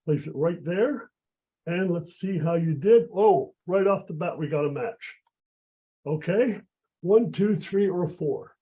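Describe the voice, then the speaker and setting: A chatty man with a cold runs a card trick for volunteers on a video call, his voice fading as he goes. His pitch sits high for a man, while the tone stays dark and mellow. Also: slow pace, husky, low-quality recording. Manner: chatty, encouraging. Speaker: magician. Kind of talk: live magic act on a video call.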